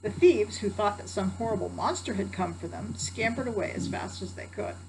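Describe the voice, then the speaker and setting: A woman's voice: medium pitch, normal speed, noisy background. An older woman, a grandmother, reading a children's story aloud with chatty asides to her grandsons. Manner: warm chatty asides to the listener.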